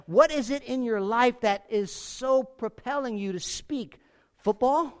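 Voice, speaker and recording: A man preaching a sermon, emphatic and repetitive, swinging from forceful peaks to quiet asides, with casual fillers like "like" and "you know". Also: extremely high pitch, a little slow, clean tone. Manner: emphatic, repeats phrases, rises to forceful peaks then drops quiet. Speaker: pastor.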